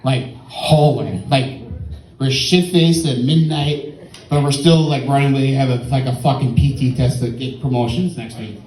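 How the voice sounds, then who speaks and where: A man's voice: mid-range voice, steady tone, moderate pace, a little mellow, echoey room, far from the mic, low-quality recording. Tipsy man doing profane stand-up. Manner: profane, rambling storytelling. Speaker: stand-up comedian. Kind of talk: stand-up storytelling. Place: comedy club stage.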